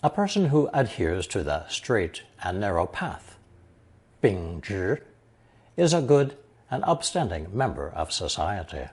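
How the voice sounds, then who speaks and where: Male teacher narrating a language lesson, husky voice with a lively, swooping pitch. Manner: reads example sentences slowly, then translates each into English. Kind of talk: recorded Chinese lesson narration.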